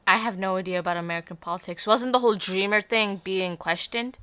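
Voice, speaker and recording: A woman's voice: medium pitch, fast talker, pushed and bright, clear, resonant tone, no echo. A woman co-hosting a podcast in casual chat, joking in playful, mock-threatening banter. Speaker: podcast co-host.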